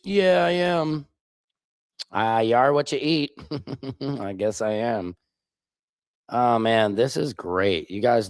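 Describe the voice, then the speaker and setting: A man's voice: medium pitch, no echo, studio quality. Sarcastic man from Missouri, live-stream host. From Missouri, USA. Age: 40s. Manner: sarcastic, bantering with trolls in chat. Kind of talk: casual live-stream chat reacting to viewer comments.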